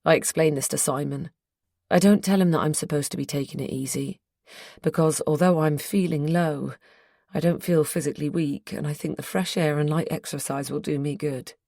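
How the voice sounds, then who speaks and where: A woman reading a first-person audiobook in a measured, intimate storytelling manner. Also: low-pitched, steady tone, warm tone, no echo, clean studio sound. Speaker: audiobook narrator.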